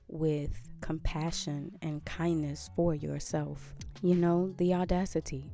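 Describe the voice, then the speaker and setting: A woman's voice: low-pitched, mellow. A woman hosting a podcast, talking earnestly in a casual motivational monologue and repeating phrases for emphasis. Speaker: podcast host.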